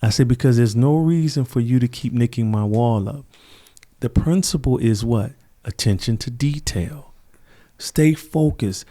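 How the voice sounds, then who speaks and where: A middle-aged man speaks with a warm, mellow tone at an ordinary pitch. He talks earnestly and reflectively in a relaxed interview conversation, sometimes slipping into the voices of people he quotes. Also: unhurried. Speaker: podcast guest.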